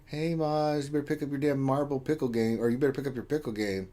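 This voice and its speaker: A man's voice: mid-range voice, fairly even intonation, fast, mellow. Joking man reading live chat. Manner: joking, reads chat names aloud with playful teasing. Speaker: co-host reading viewer chat. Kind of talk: casual live-stream chat.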